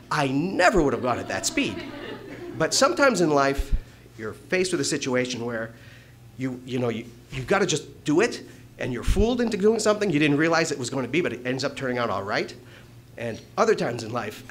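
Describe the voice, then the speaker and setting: Animated man telling a live story. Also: medium pitch, a little fast. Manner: animated, swears freely, laughs while telling. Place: small bar venue before an audience.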